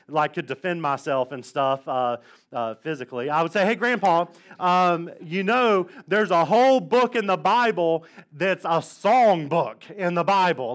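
Pastor, man, 30s, slightly higher voice, conversational storytelling sermon style, frequent "all right?" check-ins. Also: a bit bright. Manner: chatty, joking storyteller, lots of "like" and "all right?". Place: church sanctuary.

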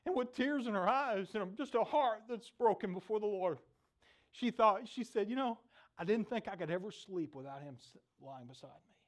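A middle-aged man preaching a sermon, telling stories with lively acted-out voices. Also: sits high, normal speed. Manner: animated storytelling, acts out voices in the stories. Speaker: pastor.

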